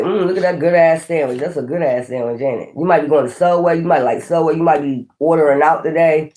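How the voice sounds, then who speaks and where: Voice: mid-range voice, a little hiss or hum. A tarot reader giving a casual, chatty reading to viewers, blunt and slangy, often laughing.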